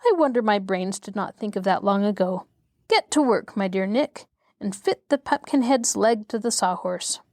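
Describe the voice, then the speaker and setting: A woman's voice: medium pitch, expressive, normal speed, darkish tone, no room sound, lightly acted. A good-natured scarecrow from a storybook who is rather pleased with his own cleverness, as a woman reading aloud voices him. Mid-range and plain, recorded close and dry. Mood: approving. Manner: approving and a little vain. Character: proud, kindly male straw scarecrow.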